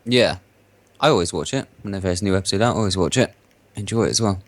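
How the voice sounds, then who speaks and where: A man hosting a casual gaming podcast, relaxed and chuckling as he asks questions. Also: low voice, quick pace, slight background noise.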